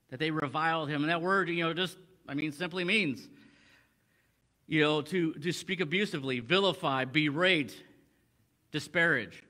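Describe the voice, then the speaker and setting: Bright-voiced man preaching on scripture. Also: fairly high pitch. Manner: conversational, many restarts, quoting scripture in old English. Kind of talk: expository Bible teaching.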